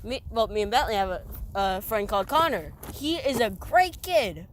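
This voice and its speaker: A woman's voice: mid-range voice, expressive, moderate pace. Teen girl, podcast host, rambling, giggly, phone mic outside, faint background noise. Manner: rambling, restarts often, giggly. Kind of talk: casual chat between friends. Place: outdoors.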